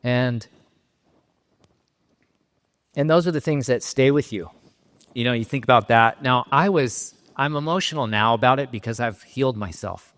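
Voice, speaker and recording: A middle-aged man from Southern California giving a keynote talk, telling a personal story in a halting, emotionally raw way with frequent restarts. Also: mid-range voice, fairly bright tone. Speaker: keynote speaker. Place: conference stage in a large hall. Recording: reverberant hall sound.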